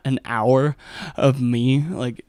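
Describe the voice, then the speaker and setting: Rambling, profane comic, smooth dry voice. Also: male voice, medium pitch, expressive, moderate pace, dry recording. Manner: rambling, profane, heavy with fillers. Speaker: stand-up comic. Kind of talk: casual monologue storytelling.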